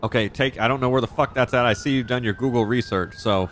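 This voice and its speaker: A man's voice: medium pitch, fairly bright tone, a little hiss or hum. Casual swearing young man gaming. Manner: loose, swearing, quick reactions. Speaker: roleplay streamer. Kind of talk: casual in-character game chat.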